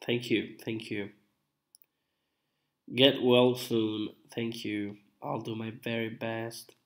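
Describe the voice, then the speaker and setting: Slow-talking sick Italian man. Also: medium pitch, flat delivery. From Italy. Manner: slow, repetitive, drawn-out. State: sounding sick. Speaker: live streamer. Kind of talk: casual live stream chat.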